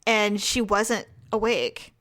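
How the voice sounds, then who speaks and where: A woman's voice: mid-range voice, slow. A middle-aged woman co-hosting a casual podcast, telling stories and reading listener letters aloud with lots of laughter. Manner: laughs often, animated storytelling with acted quotes. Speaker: podcast co-host.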